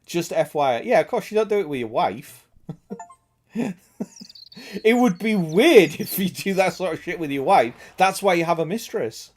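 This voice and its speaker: Man, young, gaming streamer, casual crude chat, slightly raised pitch. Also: animated, normal speed. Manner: crude, swearing, laughing a lot.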